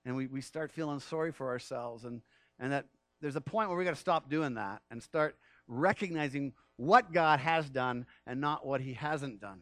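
Animated preacher with dry close sound. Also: male voice, mid-range voice, normal speed, no echo. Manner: animated, rises loud on key phrases and drops to near-whispers; acts out quoted speech of Moses and God. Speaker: pastor. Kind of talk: sermon.

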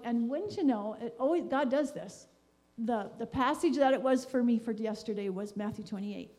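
A woman's voice: a little high, darkish tone. A woman giving a rambling, heartfelt personal testimony at a church gathering, full of fillers and restarts. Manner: meandering, many fillers and restarts; earnest and heartfelt. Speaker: church speaker sharing a devotion.

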